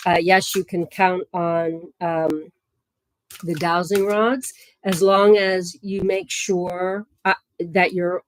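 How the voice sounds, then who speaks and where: A woman giving psychic readings on a livestream in a gentle, chatty way, with many fillers and soft laughs. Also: lowish voice, level tone, slow, no room sound.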